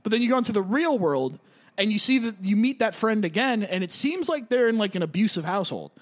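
A man's voice: sits high, very animated, fast. A young man chatting casually and rambling, with lots of filler words and swearing. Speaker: gamer describing a game. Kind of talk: casual chat.

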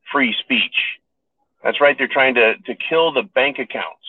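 A man's voice: medium pitch, no echo. A man hosting a show, delivering a sarcastic, ranting political monologue and calling his listeners "folks". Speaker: podcast host. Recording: tinny phone-like sound.

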